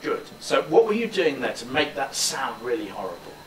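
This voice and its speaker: A male drama teacher coaches a student through a speech, encouraging him and demonstrating lines aloud. He speaks at a moderate pace with a medium pitch and big pitch swings. The recording is roomy, with a distant mic and faint background noise.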